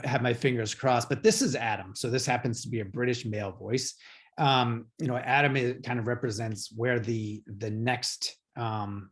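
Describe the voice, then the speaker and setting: Hesitant man presenting on a video call. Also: medium pitch. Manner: hesitant, many fillers and restarts. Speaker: guest presenter. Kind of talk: conference talk.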